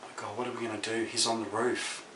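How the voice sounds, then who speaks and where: A man quoting a frightened young male friend, speaking in a hushed, anxious way. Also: fairly low pitch, level tone, fast talker. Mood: scared. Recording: echoey room, mic far off, noisy.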